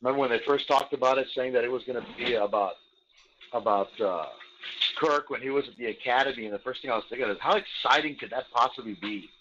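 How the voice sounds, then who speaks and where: A man's voice: medium pitch, fast, fairly bright tone, a little hiss or hum. A man co-hosting a podcast, chatting casually and rambling through strong opinions. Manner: rambling, opinionated, does mock impressions. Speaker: podcast co-host. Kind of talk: casual chat. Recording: dull lo-fi sound.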